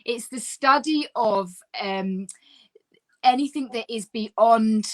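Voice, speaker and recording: A woman, a guest telling her life story in a casual, lively chat full of fillers. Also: on the high side, slow pace.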